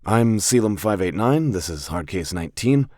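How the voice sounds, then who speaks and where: A man's voice: on the low side, lively intonation, moderate pace, darkish tone, no echo, lightly acted. Wary young gamer hero read by a man for an audiobook: direct, dry, no frills. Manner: blunt, plain-spoken.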